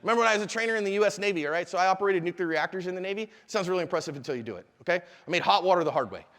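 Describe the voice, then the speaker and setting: A man in his forties teaching a live class, animated and quizzing the audience. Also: high-pitched, very fast, long reverb tail. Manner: animated, asks the audience questions. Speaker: self-defense instructor.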